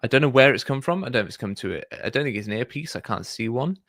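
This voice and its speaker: A man hosting a casual discussion, talking in a thoughtful, measured way with frequent fillers. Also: medium pitch, animated, a bit bright, dry recording, clean studio sound. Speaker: podcast host.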